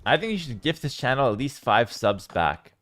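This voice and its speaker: Animated man casting a strategy match. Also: normal speed. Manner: animated, swinging between loud hype and low calm calls. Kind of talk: live esports commentary while reading chat.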